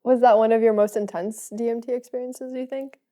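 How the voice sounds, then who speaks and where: A woman's voice: a little high, fairly even intonation, brisk, warm tone. A woman hosting a podcast, asking eager, curious follow-up questions in a casual chat. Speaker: podcast host. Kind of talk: casual conversation.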